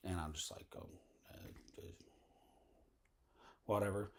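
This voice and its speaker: Man, lowish voice, rambling vlog monologue, lots of fillers and tangents. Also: fairly even intonation, slow. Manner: meandering, full of fillers and asides. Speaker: vlogger.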